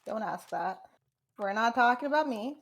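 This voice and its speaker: A woman's voice: a little high, animated, normal speed. A woman voicing a blunt, guarded female character in a tabletop game, curt and insistent.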